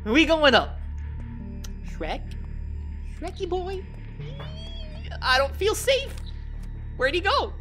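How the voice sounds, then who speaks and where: A young man commenting on a horror game, joking and shouting at the scares. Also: very high-pitched, wildly swooping pitch, slow, pauses often, soft background music. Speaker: gaming commentator.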